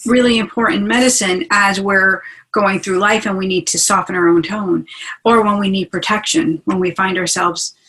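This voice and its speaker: A woman's voice: medium pitch, steady tone, moderate pace, fairly bright tone, low-quality recording. A woman hosting a webinar as a spiritual teacher, talking in a chatty, enthusiastic way over a video call. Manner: chatty and enthusiastic, asks listeners along. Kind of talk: casual teaching talk.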